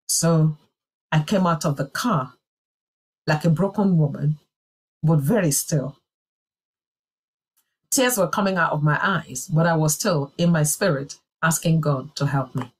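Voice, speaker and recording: Woman at church sharing a testimony, kinda low husky voice, earnest and emphatic. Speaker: church speaker. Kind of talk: sermon testimony.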